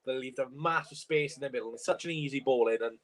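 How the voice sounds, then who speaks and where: A man's voice: mid-range voice, fast talker. A young man from Wales with a tickly cough, doing live commentary and chatting while he watches a football stream at home. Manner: chatty, reacts loudly to chances, chants along to songs. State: tickly cough, sore throat. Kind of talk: live match commentary and chat.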